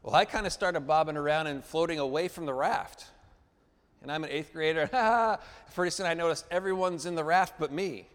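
A man's voice: on the high side, moderate pace, fairly bright tone. A male pastor preaching a sermon, drawing the congregation in with "amen?" and call-and-response prompts. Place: church building. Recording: long reverb of a church hall.

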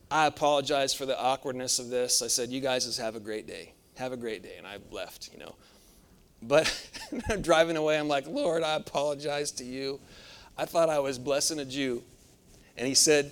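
Male pastor, slightly high voice, folksy storytelling sermon. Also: a bit bright. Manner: folksy storytelling with frequent laughs and calls of amen. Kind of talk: sermon with personal anecdote.

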